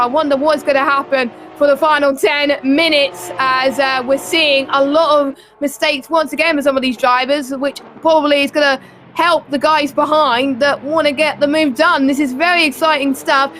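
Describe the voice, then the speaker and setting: A woman co-commentating an online sim race, chatty and full of fillers, getting excited in close battles. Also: high voice, slight background noise.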